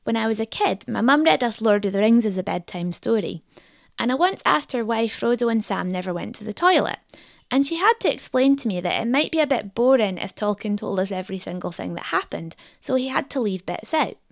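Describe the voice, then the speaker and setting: A woman hosting a podcast in scripted narration, wry and reflective. Her voice has a gravelly, creaky texture. It is close and dry, with no room sound. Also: fairly high pitch, expressive, brisk, no room sound. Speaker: podcast host.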